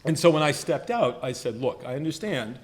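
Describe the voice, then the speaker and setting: A man's voice: medium pitch, expressive, fairly quick. A man in his sixties giving a self-deprecating roast speech, teasing colleagues with playful mock voices. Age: 60s. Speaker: retiring professor being roasted. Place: banquet hall.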